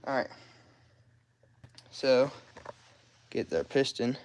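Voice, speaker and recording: A man's voice: mid-range voice, animated, very slow, darkish tone, low-quality recording. A man talking casually as he works on an engine, rambling and joking at himself while explaining each step, recorded on a phone in a garage. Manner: rambling, self-deprecating, talks to himself while working. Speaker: car mechanic vlogger. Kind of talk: casual how-to narration while working. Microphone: phone propped nearby.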